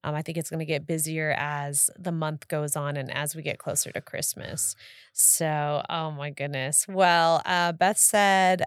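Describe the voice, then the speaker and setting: Chatty, laughing woman, lowish voice. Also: clear, resonant tone, no room sound, clean studio sound. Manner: chatty, laughs often, acts out her kids' voices. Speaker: podcast co-host. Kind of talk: casual chat.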